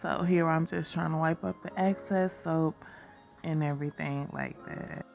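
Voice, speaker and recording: Unhurried and steady, with a low, slightly mellow voice and some vocal fry, a woman recovering from a cold narrates a soap-making demo. Scratchy-voiced and chatty, the soap maker and shop owner calls her viewers y'all while background music plays.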